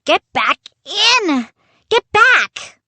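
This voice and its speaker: A woman's voice: a little high, animated, slow, no echo, voice pushed up, full character voice. A woman voicing a frightened young kid narrator in a storybook reading, with alarmed, stammering cries.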